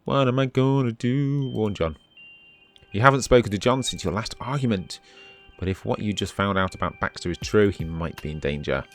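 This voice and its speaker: A man's voice: low-pitched, a little fast, faint music behind. A man hosting a let's play, reading the game's text aloud and adding dry asides. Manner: dry asides, reads on-screen text in a steady voice.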